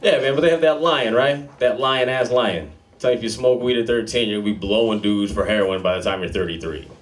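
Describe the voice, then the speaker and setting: A man in his thirties doing a stand-up comedy set in a club, with a laid-back, slangy delivery and deadpan dark jokes. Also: fairly low pitch, a little fast. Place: comedy club with a live audience. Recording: heavy noise behind a live club set.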